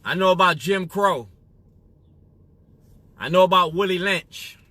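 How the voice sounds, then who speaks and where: A man's voice: high-pitched, a little slow, bright, forceful tone, no echo. A man from Illinois speaking straight to camera in an emphatic monologue. He keeps asking "you feel me?". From Waukegan area, Illinois, US. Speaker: activist.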